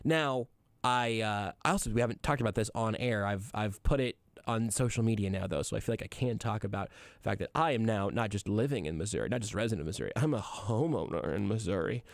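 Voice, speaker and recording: Man, sports radio host, smooth clear voice, dry close studio sound, chatty, joking, lots of fillers and restarts. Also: on the low side, quick pace, no echo. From Kansas City area. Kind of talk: casual radio monologue. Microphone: studio microphone.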